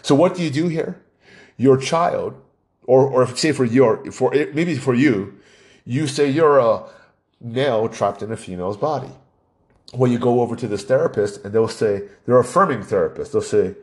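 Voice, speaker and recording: A man's voice: mid-range voice, moderate pace, a little mellow. A man talking in a casual, rambling, opinionated monologue, telling anecdotes.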